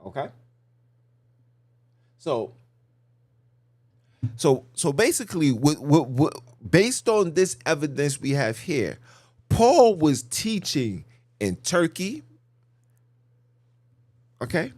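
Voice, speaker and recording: A man's voice: fairly high pitch, big pitch swings, takes it slowly, long pauses, a little mellow. A man hosting a podcast, teaching scripture in a casual preaching style, repeating phrases and asking the listeners questions. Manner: repetitive, emphatic, rhetorical questions.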